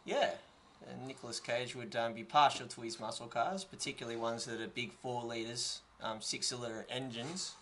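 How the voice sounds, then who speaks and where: A man's voice: mid-range voice, moderate pace, fairly bright tone, slight background noise. A man hosting a casual podcast chat, full of ums and dry sarcasm. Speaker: podcast host.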